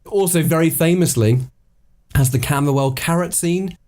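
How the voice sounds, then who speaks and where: A man's voice: fairly high pitch, moderate pace, darkish tone. A man co-hosting a podcast in casual chat, playful and steering the talk, swearing casually. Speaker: podcast co-host.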